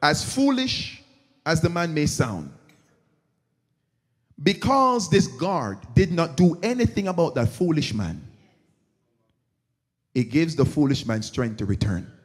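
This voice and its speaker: Animated pastor preaching in a reverberant church. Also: male voice, fairly high pitch, unhurried, pauses often, slightly rough. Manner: animated storytelling, acting out characters. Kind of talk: sermon. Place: church sanctuary.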